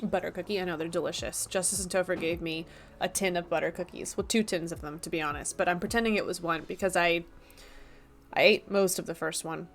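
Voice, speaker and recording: A woman's voice: lowish voice, fairly even intonation, fairly quick, slight background noise. Playful chatty woman streamer. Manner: chatty, playful, self-mocking. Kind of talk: casual live-stream chat. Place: apartment room at a desk.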